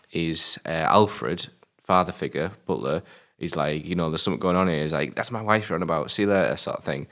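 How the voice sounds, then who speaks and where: British guy on a film podcast, really deep voice, swears a lot, gets ranty. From Britain. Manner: sweary, ranting, exasperated. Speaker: film review podcast co-host. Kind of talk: casual film review chat.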